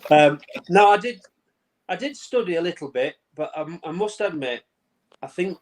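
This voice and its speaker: A man's voice: high-pitched, lively intonation, a little slow, low-quality recording. A man in his fifties from England, a former goalkeeper chatting as a guest over a video call from a home man cave, telling stories with frequent laughs and repeated words. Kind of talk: casual interview chat.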